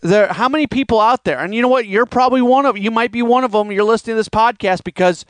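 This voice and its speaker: High, smooth-voiced man hosting a podcast. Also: fast, no room sound. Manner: rambling, conversational, mimics critics' voices. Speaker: podcast host. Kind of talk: solo sports podcast monologue.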